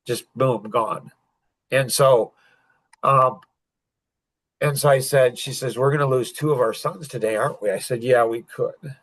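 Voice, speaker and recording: An older man telling a painful personal story as a podcast guest, halting and full of restarts. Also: medium pitch, fairly bright tone, no echo, poor audio. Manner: halting, emotional retelling with many restarts.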